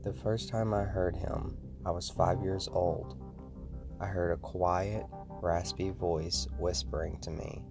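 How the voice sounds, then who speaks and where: A man with a very deep voice reads a scripted, first-person horror story aloud. His delivery is steady, and music plays steadily behind the narration. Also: slow pace, creaky.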